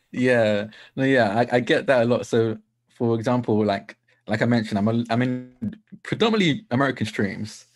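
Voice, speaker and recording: Man, Essex accent, podcast guest, chatty, self-deprecating, mid-pitched voice. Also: normal speed, no room sound. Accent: Essex English. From Essex, England. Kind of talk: casual chat.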